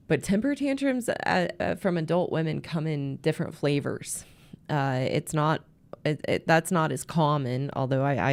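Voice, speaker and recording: A woman's voice: low-pitched, a little mellow. A woman hosting a marriage coaching show, talking earnestly in a teaching monologue and often restarting her words.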